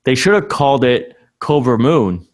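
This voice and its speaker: A man's voice: medium pitch, very animated, moderate pace, no room sound. A man co-hosting a podcast from a hotel room, chatting casually in a joking, offhand way. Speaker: podcast co-host. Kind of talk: casual chat.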